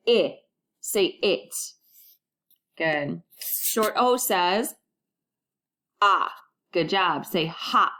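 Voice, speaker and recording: A woman teaching a recorded first-grade phonics lesson, modeling sounds clearly and prompting children to repeat after her. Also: mid-range voice, a bit bright.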